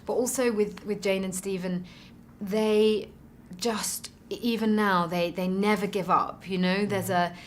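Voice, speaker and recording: A woman's voice: mid-range voice, steady tone, a little slow, a little hiss or hum. A woman, an actress, answering interview questions about her role in an earnest, reflective way as she searches for words. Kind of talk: press junket interview.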